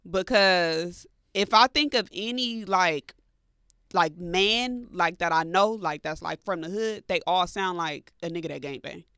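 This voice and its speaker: A woman's voice: on the low side, a little slow, a bit bright, clear, resonant tone, dry recording, studio quality. A woman from Los Angeles co-hosting a podcast, chatting casually and laid-back with lots of fillers. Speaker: co-host.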